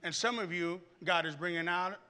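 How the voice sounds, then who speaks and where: Brief: high-pitched man with a very bright voice, an animated storytelling preacher. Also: moderate pace. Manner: animated storytelling, laughing and shouting. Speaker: pastor. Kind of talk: sermon.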